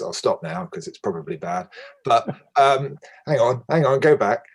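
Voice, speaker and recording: A man chairing a webinar in a chatty, relaxed way with lots of fillers, on a video call. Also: medium pitch, normal speed, breathy edge. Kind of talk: casual webinar hosting.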